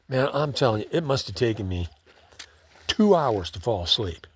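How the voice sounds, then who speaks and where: A man's voice: medium pitch, animated, moderate pace, slightly rough, no room sound. A man telling a story in a laid-back, conversational way, often saying "man". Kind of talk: casual spoken storytelling.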